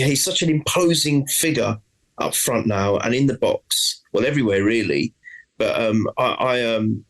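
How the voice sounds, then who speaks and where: A man's voice: medium pitch, a bit bright, rough recording. A man with a mid-range voice chats about football on a podcast. He talks hesitantly, with lots of ums and restarts as he builds his point. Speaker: podcast regular. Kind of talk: casual football podcast chat.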